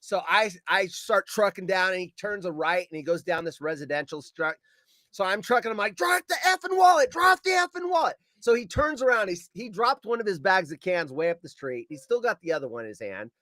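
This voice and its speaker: High-voiced man telling a lively story. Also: fairly quick, dry recording. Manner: acts out shouted quotes, swears. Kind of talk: animated storytelling.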